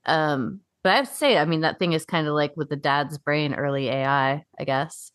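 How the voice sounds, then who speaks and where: A woman with a slightly low voice talks through a casual podcast chat, rambling and trailing off with frequent laughs. She is a young adult co-host who swears in passing. The sound is close and dry. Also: normal speed, a bit bright, clean tone, dry recording.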